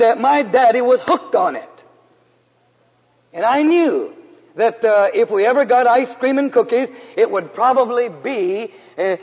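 A man from San Antonio, Texas, preaching a storytelling sermon in an earnest way, sometimes dropping to a hush. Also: high-pitched, slightly rough. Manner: earnest narrative preaching, drops to hushed tones for emphasis. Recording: dull, echoey hall recording.

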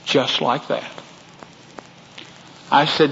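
A man's voice: medium pitch, normal speed, a bit bright, long reverb tail, dull audio, a little hiss or hum. A man from Texas with a Texan accent, preaching a sermon and telling a personal story in a folksy way that speaks straight to the congregation. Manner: folksy, addresses the congregation directly.

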